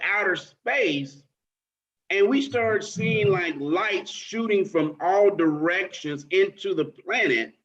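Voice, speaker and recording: A man in a casual group chat, telling an excited, rambling story. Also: sits high. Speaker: participant. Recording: dull lo-fi sound.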